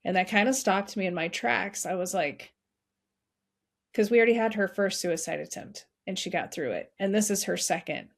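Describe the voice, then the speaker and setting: A middle-aged woman speaks as a podcast guest, recounting a hard family story. She is earnest and heartfelt and often restarts her sentences. Her voice sits in an ordinary middle pitch. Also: normal speed, gravelly. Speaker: podcast guest, nonprofit founder. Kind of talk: emotional personal storytelling.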